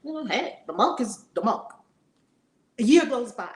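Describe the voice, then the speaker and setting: A woman spiritual teacher telling a story in an animated, conversational way. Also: fairly high pitch, normal speed, roomy sound, a little hiss or hum. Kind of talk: storytelling lesson.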